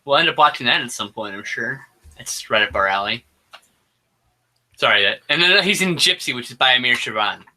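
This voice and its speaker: A man's voice: mid-range voice, lively intonation, fairly quick, bright, forceful tone, a little hiss or hum. A man co-hosting a casual podcast, animatedly and with exasperation retelling a movie's scenes and mimicking its lines. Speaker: podcast co-host. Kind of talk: casual movie commentary chat.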